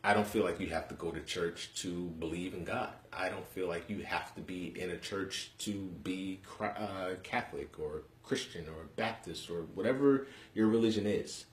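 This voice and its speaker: A man's voice: low voice, normal speed, hardly any pauses. A young man from Harlem, hosting a live webcast from home and chatting bluntly with viewers in slang. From Harlem, New York City. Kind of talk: casual live-stream chat. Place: room in his home. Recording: echoey room.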